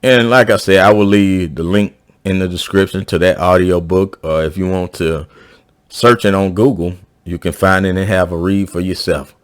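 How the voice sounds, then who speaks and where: A man's voice: fairly even intonation, moderate pace, clear, resonant tone. Southern man ranting casually to camera. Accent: Southern US, South Georgia. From South Georgia, US. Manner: rambling, repeats and restarts, pitch rising when emphatic. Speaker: YouTube commentator. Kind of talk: casual opinion monologue.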